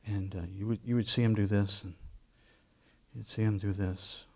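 A man's voice: lowish voice, steady tone, moderate pace, a little mellow. A middle-aged man preaching a sermon as pastor, conversational and full of restarts, rising to bursts of emphasis.

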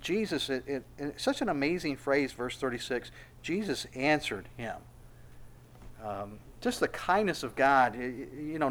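A man's voice: medium pitch, fairly bright tone. A male pastor preaching a sermon, emphatic and repetitive, often stumbling over restarts.

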